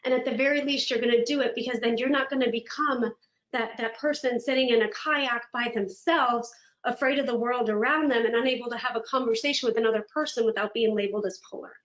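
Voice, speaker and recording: Animated woman speaker in an echoey room. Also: on the high side, quick pace. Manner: animated, dramatic storytelling with laughs. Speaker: motivational speaker. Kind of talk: virtual keynote talk. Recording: echoey room, dull lo-fi sound.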